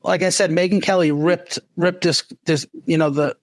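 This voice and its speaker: A man's voice: a little high, steady tone, normal speed, dry recording. A man who used to be a police officer, co-hosting a casual talk show and talking in restarts and asides. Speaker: podcast co-host, former police officer. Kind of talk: casual discussion.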